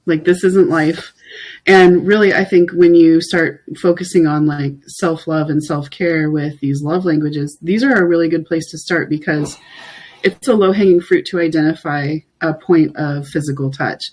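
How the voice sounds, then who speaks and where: Podcast guest, middle pitch, casual chat, reflective, candid, lots of "like". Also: steady tone, moderate pace, darkish tone, rough recording. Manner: reflective, candid, filler-heavy with frequent "like".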